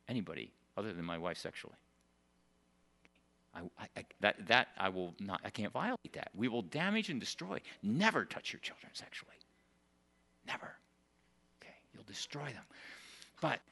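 An older man preaching a sermon, emphatic at times and dropping to soft, quiet storytelling. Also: medium pitch. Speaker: pastor.

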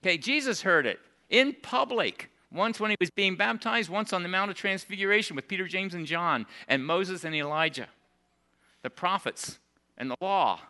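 An older man preaching a sermon, emphatic at times and dropping to soft, quiet storytelling. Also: high voice, lively intonation, normal speed. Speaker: pastor.

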